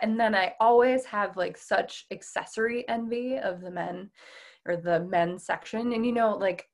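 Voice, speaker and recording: A woman guest on a podcast, a whitewater kayaker, who talks casually and with self-deprecating humor, often laughing mid-sentence. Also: mid-range voice. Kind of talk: casual conversational interview.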